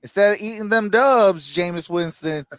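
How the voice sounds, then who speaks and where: A man's voice: high-pitched, normal speed, fairly bright tone, no room sound, clean studio sound. A man hosting a casual sports podcast, rambling with lots of fillers and restarts. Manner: rambling, many fillers, laughs at own jokes. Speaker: host.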